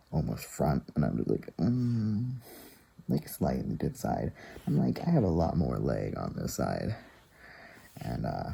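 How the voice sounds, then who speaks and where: A man's voice: very deep voice, creaky, dark tone, slightly rough, low-quality recording. A man casually telling a long story to the camera, rambling and acting out what others said. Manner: rambling, retells dialogue with many "I'm like" and "he's like". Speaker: vlogger.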